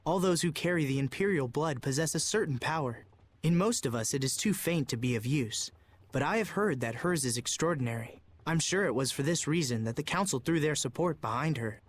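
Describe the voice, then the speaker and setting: An actor voicing an earnest young prince in a video game, speaking in a formal, measured, polite way. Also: male voice, on the high side, expressive, a little hiss or hum, close to an everyday voice. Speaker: game character.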